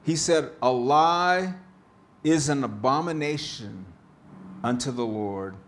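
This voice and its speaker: A man preaching a sermon, reading scripture and telling jokes in a slow, deliberate way. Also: medium pitch, slight background noise. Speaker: pastor.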